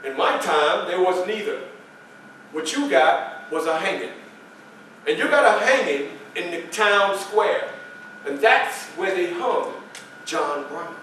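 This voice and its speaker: An actor playing Frederick Douglass, telling his story in a first-person stage monologue with emphatic, dramatic pauses. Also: high-pitched, animated, a bit bright, slight background noise, exaggerated voice. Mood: earnest. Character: Frederick Douglass, adult male statesman recounting his life. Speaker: historical reenactor. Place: library meeting room, live audience. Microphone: far camera. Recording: echoey room from far off, faint ambience.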